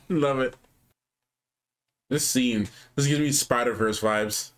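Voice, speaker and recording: A man in casual conversation, reacting to a film as co-host. His delivery is unhurried, yet his pitch swings widely, and he breaks into laughter often in a playful, animated way.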